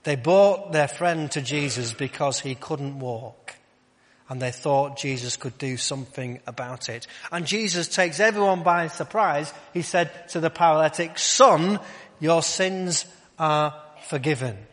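A male preacher giving a conversational sermon, asking rhetorical questions and dropping to a quiet voice to stress points. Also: a little high, a little slow. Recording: long hall reverb.

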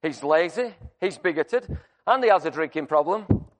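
A male preacher reading the lines of a sharp-tongued woman in her seventies, blunt and scolding as she lists a man's failings. The voice sits a little high and rings through a reverberant hall. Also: expressive, normal speed, natural voice. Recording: long reverb church hall.

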